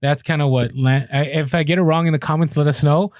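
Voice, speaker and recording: Chatty male podcast co-host, slightly high. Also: fairly even intonation, darkish tone, no room sound, clean studio sound. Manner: chatty, restarts often, quick asides. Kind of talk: casual podcast chat.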